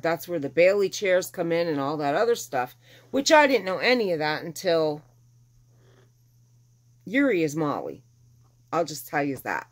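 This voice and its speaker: A middle-aged woman telling a personal story casually, animatedly acting out the people she quotes. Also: on the low side. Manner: animated, acts out quoted dialogue with exasperation.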